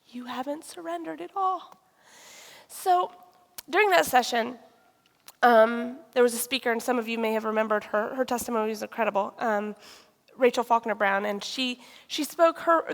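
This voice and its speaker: A woman giving a personal testimony, telling her story in a lively way and acting out conversations. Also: fairly high pitch, creaky. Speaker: speaker sharing a personal testimony. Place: church sanctuary. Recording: reverberant hall.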